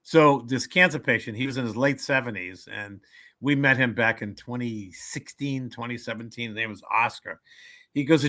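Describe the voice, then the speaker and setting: Here a septuagenarian comedian, speaking at a normal pace with a medium-pitched voice, tells jokes and stories during a casual interview. He brings them to life by performing the characters' voices.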